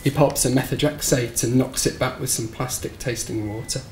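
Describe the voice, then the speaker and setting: A man reads his short story aloud in a bookshop event room, with a measured, somber delivery. His voice sits at a middling pitch and moves in a flat, narrow line. The room answers with a roomy echo and a faint hum of background noise. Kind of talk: live reading of literary fiction. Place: bookshop event space, live audience.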